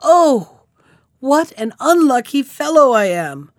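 A woman's voice: medium pitch, very animated, a little slow, no room sound, studio quality. A woman voicing an unlucky, hot-tempered male carter who wails in self-pity. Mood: lamenting. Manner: wailing, self-pitying laments.

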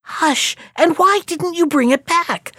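A woman's voice: extremely high pitch, slow, no room sound, voice pushed up, exaggerated voice. A woman voicing a foolish, impatient old peasant wife who scolds her husband. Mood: scolding. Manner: sharp, scolding, easily excited.

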